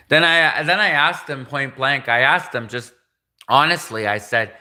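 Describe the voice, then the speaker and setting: Slow, bright-voiced rambling Canadian man. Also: mid-range voice. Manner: rambling, hesitant, laughs at his own jokes. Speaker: livestream host. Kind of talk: casual livestream monologue.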